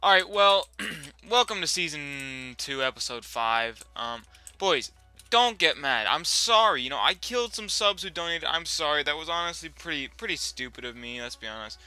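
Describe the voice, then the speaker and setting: Young man, gameplay commentary, casual and profane, sharp bright tone, sudden loud yelling, faint music behind. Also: on the high side, lively intonation, normal speed, clear, resonant tone, no echo. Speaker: gaming channel host.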